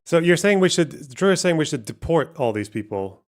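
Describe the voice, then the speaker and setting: A man's voice: on the high side, very animated, brisk, crowd noise, noisy background. Sarcastic rambling male streamer. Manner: sarcastic, rambling, laughing often, swearing. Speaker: streamer host. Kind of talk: casual commentary stream.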